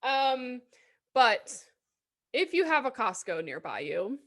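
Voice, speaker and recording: A woman's voice: high-pitched, very animated, slow. A young woman co-hosting a podcast, talking bluntly and jokingly with frequent swearing in casual chat. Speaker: podcast co-host.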